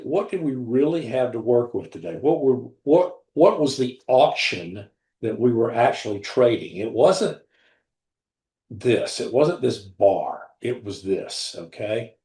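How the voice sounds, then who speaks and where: A man hosting a live trading room, talking through charts in a deliberate, blunt way and often repeating himself. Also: mid-range voice, sing-song, a little mellow. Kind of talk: live market commentary over charts. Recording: roomy echo.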